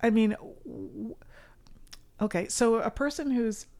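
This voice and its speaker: A middle-aged woman talking as a guest musician in a casual interview, earnest and animated. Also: fairly high pitch, takes it slowly, creaky. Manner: earnest and animated, with sudden loud mimicry.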